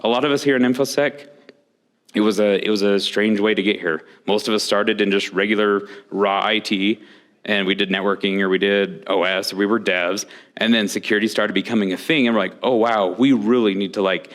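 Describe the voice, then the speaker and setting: A man's voice: on the low side, steady tone, fairly quick, fairly bright tone. A man giving a conference talk in a candid storytelling way, acting out the people he quotes. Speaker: conference speaker.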